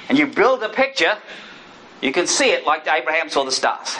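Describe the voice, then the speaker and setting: A man's voice: a little high, very animated, a little fast, bright, forceful tone, a little hiss or hum, poor audio. A middle-aged man and former missionary giving an earnest teaching sermon, often checking in with "right?" and acting out quoted prayers and speech. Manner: earnest, repeats points with "right?".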